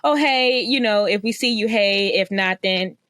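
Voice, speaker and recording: A woman's voice: medium pitch, fairly even intonation, normal speed, fairly bright tone, dry recording. Host, woman, casual and affirming, dry close mic. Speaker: podcast host. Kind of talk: casual chat.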